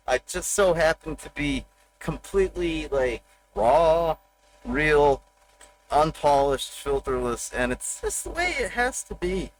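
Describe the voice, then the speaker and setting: A man's voice: high-pitched, a bit bright, slight background noise, poor audio. Blunt, profane middle-aged male streamer. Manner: blunt, profane, confessional rant. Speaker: livestreamer. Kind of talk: rambling personal monologue.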